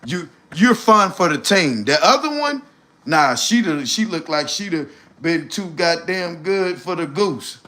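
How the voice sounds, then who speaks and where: A man roasting people on his livestream, animated and loud at times. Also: fairly high pitch, measured pace. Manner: animated, shouting impressions. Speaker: streamer host.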